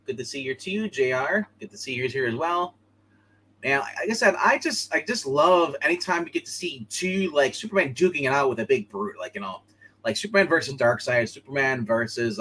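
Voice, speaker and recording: An excitable man talks through a comic book on a live stream, his pitch jumping all over as he laughs and acts out the characters. His voice is bright and forward, and he rambles casually through his thoughts. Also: slight background noise, rough recording. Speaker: podcast host.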